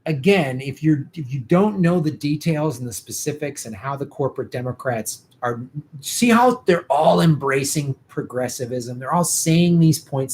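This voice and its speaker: A man's voice: mid-range voice, animated, normal speed, darkish tone. A male host chatting casually on a political livestream, rambling and swearing, tired and losing his voice.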